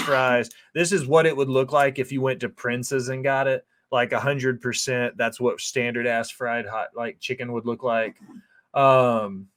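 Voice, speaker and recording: Narrating his cooking video casually, a chef wanders from point to point, swearing freely and dropping plenty of "like" and "um." His male voice is mid-range and somewhat bright.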